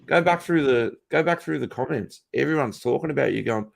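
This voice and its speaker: Brisk and animated, this middle-aged Australian livestreamer talks at medium pitch with vocal fry and hardly any pauses. Broadcasting from his home office, he cracks jokes, curses freely, and laughs a lot while answering the chat.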